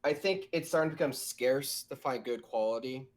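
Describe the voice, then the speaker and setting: A man's voice: medium pitch, normal speed. A man who voice-directs abridged series, talking thoughtfully in a casual podcast chat with many restarts.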